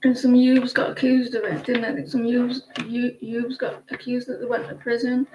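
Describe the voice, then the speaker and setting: A woman's voice: on the high side, level tone, moderate pace, roomy sound, muffled recording, background noise. A woman hosting a live tarot stream, chatting with viewers in a rambling way and often restarting her sentences.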